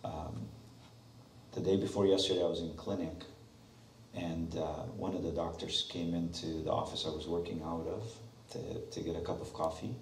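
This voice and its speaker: Deep-voiced preacher in an echoey church. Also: male voice, level tone, normal speed, creaky, a little hiss or hum. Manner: storytelling with rhetorical questions. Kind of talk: sermon. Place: church sanctuary. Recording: echoey church hall from a distant mic.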